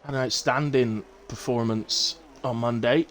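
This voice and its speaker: There's a little hiss or hum behind this young West Country speaker from England as he commentates a live-streamed sim race and chats with his audience. His mid-range voice moves at an unhurried pace, and his easygoing delivery is full of fillers and self-corrections.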